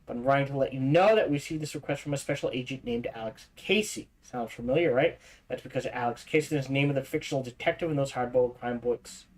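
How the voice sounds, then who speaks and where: A man streaming a game reads its documents aloud at a brisk clip, with a voice of ordinary pitch for a man. He trips over words, backs up and corrects himself, and drops casual side comments between passages. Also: poor audio. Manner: reads fast, stumbles and restarts, adds asides. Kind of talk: reading in-game documents aloud while playing.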